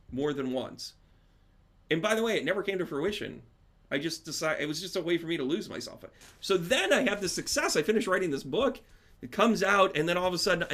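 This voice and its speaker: A man with a somewhat high voice, rambling casually to his livestream viewers. He talks in loose, friendly asides as a spiritual medium and teacher, addressing members by name. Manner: rambling, chatty, warm to viewers.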